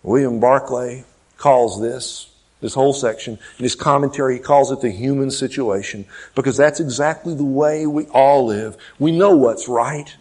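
A male pastor preaching a sermon, swinging between loud emphatic peaks and quiet low asides, acting out quoted dialogue. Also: moderate pace. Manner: acts out quoted dialogue in changed voices.

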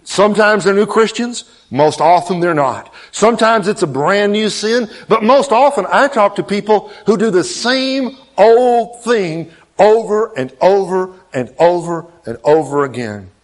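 Male pastor, somewhat high voice, dynamic sermon delivery with big loud-soft swings and acted-out quotes. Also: lively intonation, measured pace, hardly any pauses. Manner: dynamic preaching, swinging between loud emphatic peaks and quiet low asides; acts out quoted dialogue in changed voices.

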